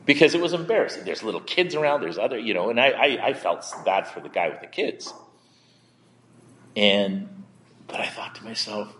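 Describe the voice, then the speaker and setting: A male pastor preaching in a conversational, candid way, often halting and repeating words as he tells a personal story. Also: lowish voice, lively intonation, a bit bright, big-room sound, a little hiss or hum.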